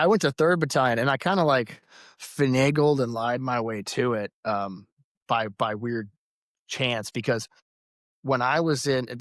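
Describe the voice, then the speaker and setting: Man, veteran guest, mid-pitch, dry close sound, animated storyteller who laughs a lot. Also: no echo. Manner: lively anecdotes with frequent laughter and acted-out quotes. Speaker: podcast guest, Army veteran. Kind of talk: casual storytelling.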